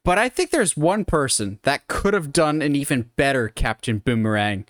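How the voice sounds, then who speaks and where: Sarcastic podcast co-host, mid pitch. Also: normal speed, no room sound, clean studio sound. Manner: animated, sarcastic asides and mock quotes. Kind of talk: casual chat about movie casting.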